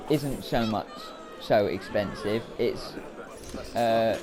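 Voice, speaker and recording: A man's voice: lowish voice, takes it slowly, a crowd in the background. A man giving casual, rambling commentary while playing a video game, hesitating often with filler words. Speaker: let's play commentator. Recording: game audio noise behind voice.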